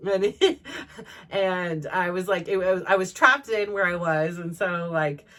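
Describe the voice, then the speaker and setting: A woman's voice: on the low side, unhurried, a bit bright. A middle-aged woman hosting her own show, telling a personal story in a frank, self-reflective way and rambling through it with lots of "like" fillers. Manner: rambling, heavy use of "like" fillers. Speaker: host.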